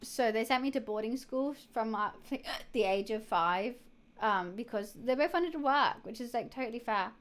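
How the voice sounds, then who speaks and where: A young woman chats loosely to her stream audience and keeps catching hiccups as she talks. Her voice sits high, and she wanders through her points with restarts and fillers. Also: normal speed. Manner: rambling, with many fillers and restarts. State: has the hiccups. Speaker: live streamer. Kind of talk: casual chat to stream viewers.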